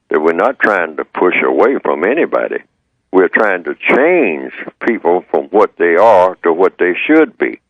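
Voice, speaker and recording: Very deep male voice, slow explainer, kinda dull muffled line, dry. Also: no room sound. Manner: measured, explanatory, repeats points. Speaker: guest speaker. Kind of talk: radio interview explanation.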